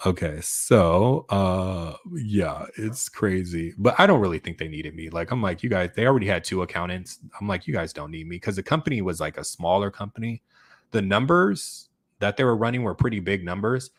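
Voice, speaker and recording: A man with a very low, deep voice talks casually on his channel, rambling and restarting his sentences with lots of fillers. The sound is dry and close, with no room around it. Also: no echo. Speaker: YouTube channel host. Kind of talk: casual livestream chat reading comments.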